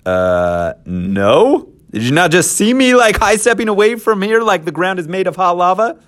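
A man's voice: mid-range voice, wildly swooping pitch, slow pace, fairly bright tone, pitched above the performer's own voice, heavily acted. A man putting on a whiny, panicky prophet. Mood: protesting. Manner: stammering, protesting. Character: whiny reluctant male prophet, hesitant and panicky.

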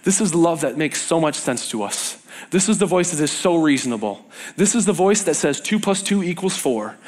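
Animated young man preaching. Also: on the high side, a little fast. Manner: animated storytelling, acts out quoted voices. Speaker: young adult pastor. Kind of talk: sermon.

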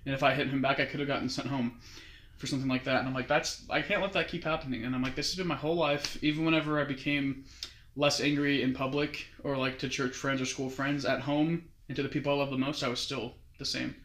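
Fast-talking young man, roomy sound. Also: mid-range voice, flat delivery, fairly bright tone. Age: young adult. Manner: rambling, quotes others with "he's like". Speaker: guest recounting his mission. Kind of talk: casual storytelling. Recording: roomy echo.

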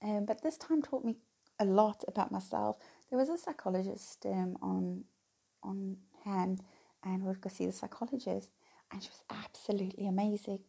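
A woman's voice: medium pitch, moderate pace, vocal fry, mellow, breathy edge. A middle-aged woman talking candidly to her viewers, rambling and laughing between phrases. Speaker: vlogger. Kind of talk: casual personal talk to viewers.

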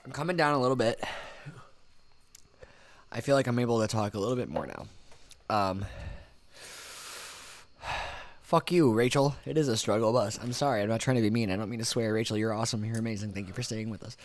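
A man's voice: lowish voice, brisk, pauses often, no room sound. A man co-hosting a podcast, talking casually and rambling through the pain of eating very hot wings. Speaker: podcast co-host. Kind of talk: casual chat.

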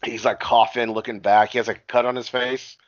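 A man's voice: medium pitch, level tone, a little fast, dry recording, highs cut off. A man in casual chat, retelling a movie plot with lots of swearing and acted-out quotes. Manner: profane, rambling storytelling with acted-out quotes. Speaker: podcast co-host recapping a movie.

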